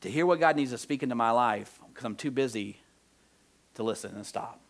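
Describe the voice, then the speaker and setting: A male pastor preaching a conversational sermon in church, moving between soft, slow emphasis and animated outbursts. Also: mid-range voice, creaky. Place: church sanctuary.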